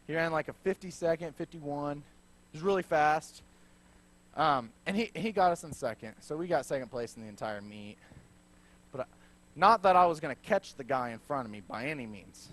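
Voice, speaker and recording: A young man in his twenties gives a sermon in a church. He tells it as a joking personal story and often drops into low, wry asides. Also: a bit bright. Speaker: preacher.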